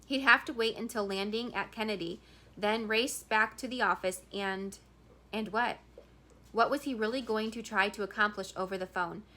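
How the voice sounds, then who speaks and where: A woman reads a novel aloud in a bright, clear voice. She keeps a steady storytelling pace and now and then restarts a word. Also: mid-range voice, moderate pace. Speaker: audiobook reader.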